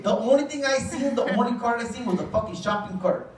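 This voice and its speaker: Talking fast with few pauses in an extremely high voice, a Chicano English-accented man works a club stage with profane, meandering, self-mocking stand-up. The mic is far off in a roomy space, and audience laughter rings out behind him.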